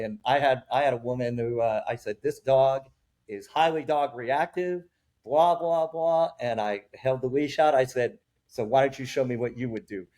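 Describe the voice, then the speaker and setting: A man hosts a casual podcast at a medium pitch, telling stories with energy. He acts out his clients in raised voices and laughs a lot. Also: moderate pace. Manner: animated storyteller, acts out clients' lines. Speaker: podcast host, dog trainer.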